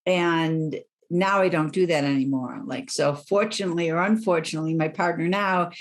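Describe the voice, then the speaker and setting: A woman's voice: lowish voice, moderate pace. A middle-aged woman, a life coach, speaking candidly and reflectively as an interview guest.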